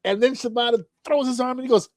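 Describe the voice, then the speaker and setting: A podcast host talks fast in a very high-pitched voice, telling animated, expletive-heavy stories in casual chat and acting out shouts. A little hiss or hum sits in the background.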